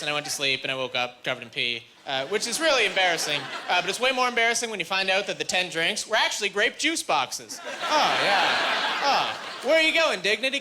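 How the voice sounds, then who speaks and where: Young guy doing stand-up, high voice all over the place, club laughter and noise behind. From Canada. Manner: animated, jumps to high squeaky pitch when acting out voices. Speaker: stand-up comedian. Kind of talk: stand-up routine. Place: comedy club stage with audience. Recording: live club recording with audience laughter.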